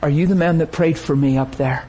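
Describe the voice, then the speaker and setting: A man preaching a sermon, telling a story with lively energy and acting out the people he quotes. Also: fairly high pitch, brisk, husky, rough recording.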